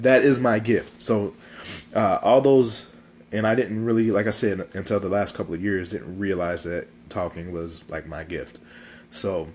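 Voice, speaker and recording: Recording on his phone, this vlog host runs his own video talk show, rambling goofily and casually with plenty of fillers through a congested, stuffy throat. He has a deep voice, and there's a little hiss or hum.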